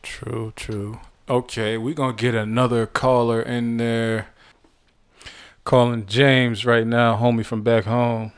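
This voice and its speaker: Laid-back podcast host, dry sound. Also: male voice, mid-range voice, little pitch movement, takes it slowly, clear, resonant tone, no room sound. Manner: laid-back, friendly and informal with callers. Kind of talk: casual podcast chat.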